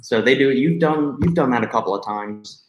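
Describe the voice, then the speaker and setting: A man's voice: medium pitch, normal speed. A man hosting a casual live question and answer chat, rambling and plain-spoken. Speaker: host. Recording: echoey room.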